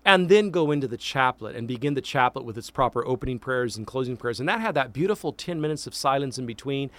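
Emphatic priest hosting a radio show. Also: male voice, medium pitch, fast. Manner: animated, emphatic teaching with repetitions. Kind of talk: answering listener questions on call-in radio. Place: radio studio. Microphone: studio mic.

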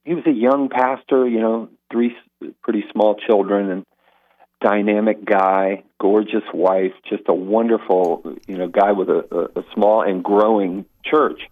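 A man's voice: lowish voice, measured pace. A man, a Catholic apologist, telling stories as a guest on a radio interview, full of restarts and asides. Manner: animated storyteller with many restarts. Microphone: phone call into radio show. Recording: tinny phone line.

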